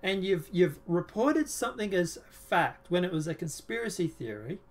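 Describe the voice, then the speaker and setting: A man's voice: high-pitched, very animated, moderate pace. Sarcastic, rambling male show host. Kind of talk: casual political chat.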